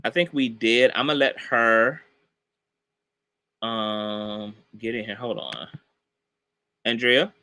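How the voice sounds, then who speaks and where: A man's voice: mid-range voice, fairly even intonation, slow pace, pauses often, bright, forceful tone, clean tone. A man commentator casually recounting a story on a livestream call, talking loosely with lots of "like" and "y'all". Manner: loose, chatty, heavy on "like" and "y'all". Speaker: online commentator.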